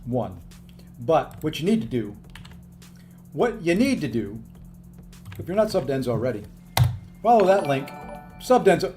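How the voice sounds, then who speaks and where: A man's voice: a little high, sing-song, normal speed, long pauses, music in the background. A tired, upbeat man live-streaming a video game, chatting casually and thanking viewers by name as he plays.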